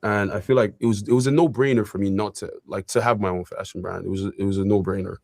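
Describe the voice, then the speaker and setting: A man's voice: on the low side, fairly even intonation, fast, creaky, a little mellow, no room sound, clean studio sound. A young man from Ireland, talking as an interview guest in a casual, rambling way full of fillers. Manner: rambling, filler-heavy, with frequent likes and you-knows. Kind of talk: casual conversation.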